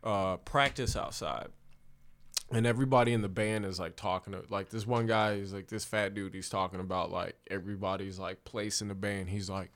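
Rambling Chicago comedian telling a story. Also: male voice, low voice, steady tone, normal speed, a bit bright. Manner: rambling, profane, laughs while telling. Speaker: comedian podcast co-host. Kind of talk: casual chat, storytelling.

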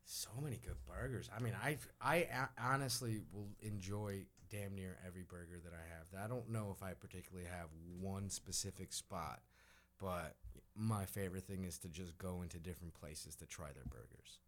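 A young man, co-hosting a comedy podcast with animated, profane enthusiasm. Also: low-pitched, normal speed. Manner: animated, swearing, laughs easily. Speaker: comedian co-host. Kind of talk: casual podcast chat.

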